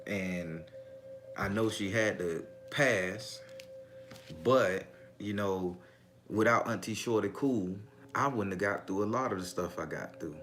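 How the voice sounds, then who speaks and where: A middle-aged spiritual vlogger from the Southern US shares family stories and preaches in a casual, profane way, over soft background music. His voice sits on the low side with a fairly bright tone, and he takes his time.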